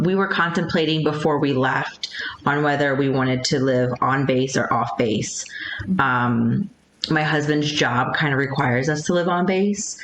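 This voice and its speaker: A woman's voice: deep voice, slight background noise. A woman in her thirties chatting as a podcast guest, hesitant, with many ums and restarts. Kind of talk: casual interview chat. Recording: echoey room.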